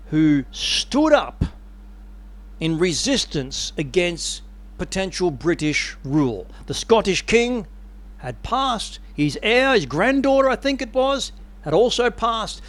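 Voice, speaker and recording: A man preaching a sermon with animated, dramatic storytelling. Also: sits high.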